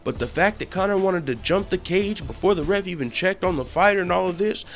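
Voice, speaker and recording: A man giving casual news commentary on a video blog, animated and swearing often. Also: high-pitched, a little fast, faint music behind. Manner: animated, swears a lot, acts out quotes loudly. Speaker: MMA news vlogger.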